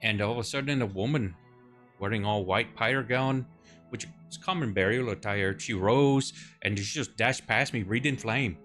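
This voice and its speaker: Guy doing a shaky cockney cremation keeper, stammers, begs, low voice with bright edge. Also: normal speed, soft background music, lightly acted. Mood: anxious. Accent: put-on Cockney. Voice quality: stammering, pleading. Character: nervous male cremation-ground keeper.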